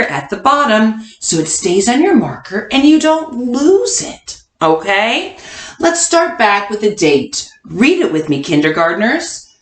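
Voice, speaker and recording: A woman teaching a kindergarten class online, coaxing answers with slow, sing-song hints. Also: fairly high pitch. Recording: echoey room.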